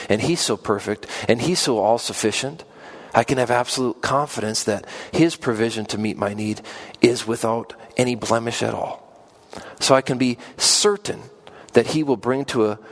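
A man preaching a sermon in an earnest way, climbing to emphatic peaks and then dropping soft and low. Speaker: pastor.

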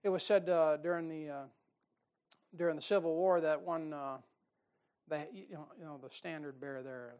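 A man preaching a sermon in a folksy, animated way, asking the congregation questions and drawing out key words for emphasis. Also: on the high side, moderate pace, clean tone.

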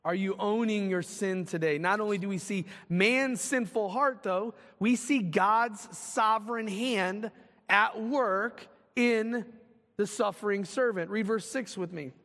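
High-voiced male preacher in a reverberant hall. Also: a little slow. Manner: preaching with dramatic swings from loud to hushed. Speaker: pastor. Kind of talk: sermon.

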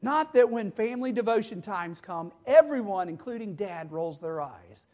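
A man preaching a sermon, moving from calm, plain teaching into impassioned, shouted pleas. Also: high voice, normal speed.

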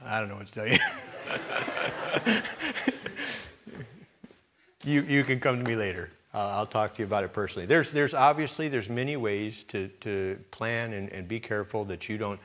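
A middle-aged man preaching a sermon, talking straight to his congregation in a conversational way that swells into loud, emphatic peaks. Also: lowish voice, fast talker, few pauses. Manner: conversational, direct address to the congregation with repetitions. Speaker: pastor.

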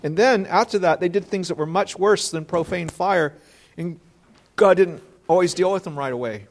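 Gravelly high-voiced man preaching. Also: moderate pace. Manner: earnest, rhetorical questions, quotes scripture, repeats words while thinking. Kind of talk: sermon.

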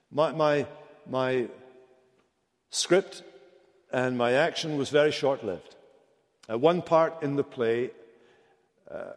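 Man preaching in a reverberant church. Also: medium pitch. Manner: dramatic, rising to impassioned rhetorical questions. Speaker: pastor. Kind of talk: sermon. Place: church sanctuary.

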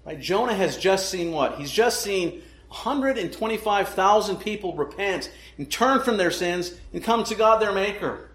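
A man's voice: high voice, expressive, normal speed, few pauses, a bit bright, reverberant. A man preaching a sermon, emphatic and full of rhetorical questions to the congregation. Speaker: pastor.

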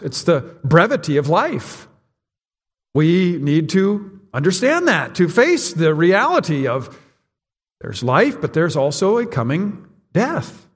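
A man's voice: fairly high pitch, slightly rough, long reverb tail. A man preaching a sermon to his congregation in a church, speaking plainly and directly to his listeners. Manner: conversational, direct address to congregation. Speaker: pastor. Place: church sanctuary.

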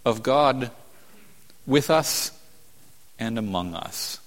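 A man preaching a sermon as a pastor, earnest, rising to emphatic peaks and falling to hushed tones. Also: mid-range voice, animated, slow, pauses often. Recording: long hall reverb.

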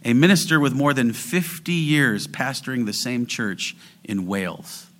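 A man preaching a sermon as pastor, earnest and building to fervent exhortation, sometimes slowing down or dropping to a near whisper for emphasis. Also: mid-range voice, fairly bright tone.

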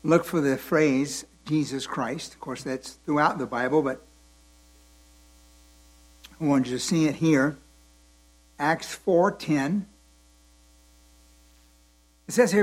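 Slowly and with care, a tired preacher teaches Scripture, going back over his points while the congregation fills in the missing words. His pitch runs on the high side.

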